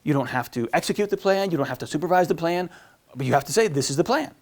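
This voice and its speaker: A man teaching a marriage class as a priest, with a voice pitched a little high. He rambles in a loose teaching style, stumbles and restarts often, and drops into quick acted voices for the people he quotes. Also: lively intonation, a little mellow. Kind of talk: informal teaching talk.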